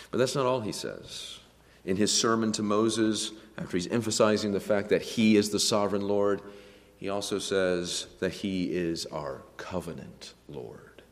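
A man preaching a sermon, earnest, slowing down and rising in pitch to stress key phrases. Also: big-room sound. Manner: earnest preaching, slows and rises for emphasis. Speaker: pastor.

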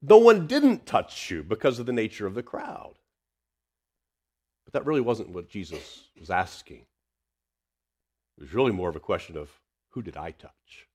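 A man preaching a sermon, swinging between loud emphasis and hushed tenderness. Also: fairly low pitch, very animated, moderate pace, long pauses, slightly rough.

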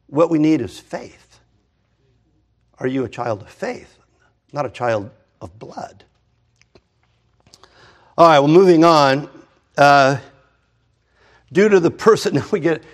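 Guy in his 50s preaching, chatty sermon, lively, keeps restarting sentences. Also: medium pitch, measured pace, long pauses. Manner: animated, talks through restarts and asides. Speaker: pastor. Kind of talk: conversational sermon.

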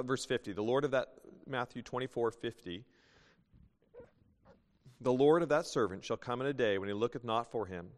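A man's voice: medium pitch, long reverb tail. A man preaching a sermon in a folksy way, reading scripture aloud and telling a joke story. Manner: folksy, reads scripture aloud and tells jokes.

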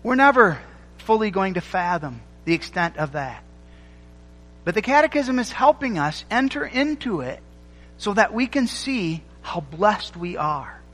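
A man preaching a sermon, emphatic and rhythmic, repeating phrases and pausing for effect. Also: high-pitched, fairly bright tone, big-room sound, rough recording. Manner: emphatic, rhythmic repetition with dramatic pauses.

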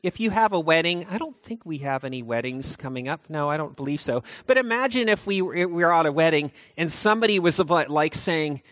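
A man giving a conversational sermon as pastor, talking in an animated, chatty way with frequent restarts. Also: fairly high pitch, fairly quick, few pauses, no echo.

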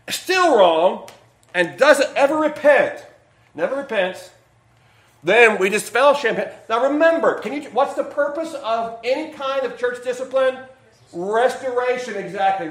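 A man preaching a midweek sermon, folksy and joking as he tells stories to make his point. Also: sits high. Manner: folksy, jokey storytelling preacher. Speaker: pastor. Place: church sanctuary. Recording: echoey church room.

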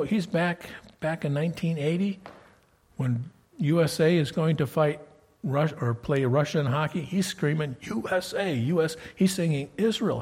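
A man preaching a sermon, telling a Bible story in a conversational way and reading scripture aloud with loud, emphatic peaks. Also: mid-range voice, breathy edge, big-room sound.

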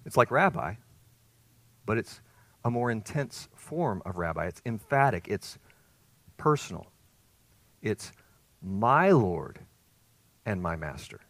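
A man's voice: fairly low pitch, sing-song, slow pace, long pauses, no echo. Earnest male pastor preaching a sermon. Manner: earnest preaching, swinging from loud emphatic peaks to soft hushed phrases.

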